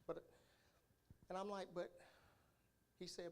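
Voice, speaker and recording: A man with a Southern US accent, an elder preaching a sermon, telling a personal story in a conversational way that builds to loud preaching. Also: high voice, normal speed. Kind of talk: sermon testimony.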